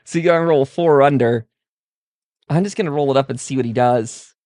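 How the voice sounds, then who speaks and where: A man narrating as game master of a tabletop game, relaxed with frequent fillers. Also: medium pitch, brisk, no room sound, studio quality. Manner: relaxed, many fillers, laughs while describing.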